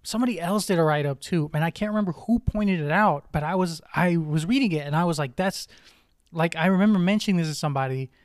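A man's voice: fairly high pitch, quick pace, no room sound, studio quality. A young man hosting a podcast, casually reviewing wrestling matches, rambling with many ums and restarts. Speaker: podcast host.

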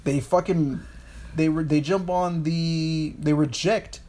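A man's voice: a little high, fairly even intonation, slow pace, mellow. A man co-hosting a podcast, chatting casually about history, rambling with frequent restarts and swearing. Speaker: podcast co-host.

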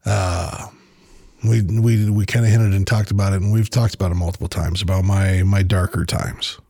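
A man's voice: low voice, steady tone, moderate pace, mellow, dry recording. A man hosting his own podcast, talking alone in a blunt, profane but earnest and reflective way. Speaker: podcast host. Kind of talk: casual solo monologue.

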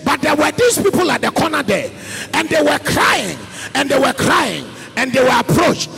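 Male preacher, high and bright, singsong delivery, long hall reverb under faint music. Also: big pitch swings, normal speed, vocal fry. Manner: preaching in a sing-song voice that swings up to shouts. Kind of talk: sermon.

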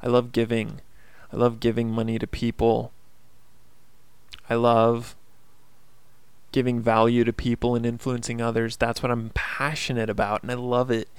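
A man rambles through a casual solo podcast, keen and motivational, with a lot of fillers. His voice is smooth with a gravelly edge. He is recorded close to the mic, so the sound is dry. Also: medium pitch, monotone, moderate pace, long pauses, no echo. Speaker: podcast host.

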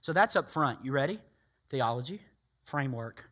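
A man preaching a sermon, emphatic and animated, acting out people's voices. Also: medium pitch, normal speed.

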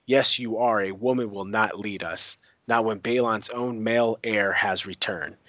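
A man plays a defiant heckler shouting objections from a crowd, blunt and stubborn. The low voice sounds dry and close. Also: fairly even intonation, measured pace, dry recording.

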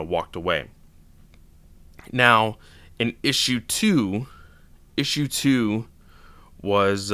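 Man, very low voice, bright and clear, dry close sound, casual comic recap. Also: no room sound. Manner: enthusiastic, loosely retells scenes with quoted lines. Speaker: comic book reviewer.

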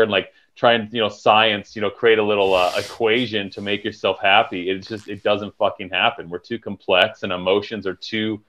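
A man with a slightly low voice talks frankly and reflectively in a relaxed podcast chat, cursing now and then. The recording sounds dull and lo-fi, missing its top end. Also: moderate pace, few pauses. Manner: frank and reflective, swears casually. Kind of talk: candid conversational podcast talk.

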